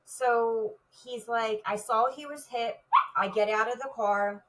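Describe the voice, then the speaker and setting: A woman's voice: fairly high pitch, steady tone, slow, a bit bright, recorded from a distance, poor audio. A woman, a retired police officer, recounting a personal story in an interview, vividly and with many "like" fillers.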